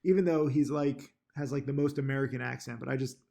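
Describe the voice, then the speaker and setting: A man's voice: medium pitch, steady tone, fast, vocal fry, mellow. A man who teaches stock trading, talking casually to his laptop with lots of ums and restarts and upbeat, pushy encouragement. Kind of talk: casual talking-to-camera vlog. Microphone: laptop mic.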